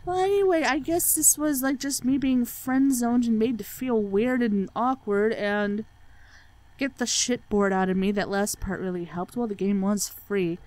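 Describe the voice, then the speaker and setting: A woman's voice: a little high, steady tone, measured pace, darkish tone. A woman hosting a let's play, giving sarcastic, profanity-laced commentary and mocking the game's dialogue. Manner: sarcastic, swears freely, mocks the game's dialogue. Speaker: let's play channel host. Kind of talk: gaming commentary.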